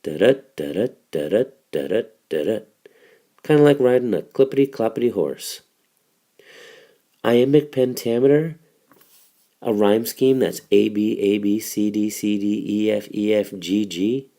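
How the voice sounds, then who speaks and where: A man's voice: fairly low pitch, measured pace, dark tone. A man teaching a recorded literature lesson, explaining step by step in a casual way.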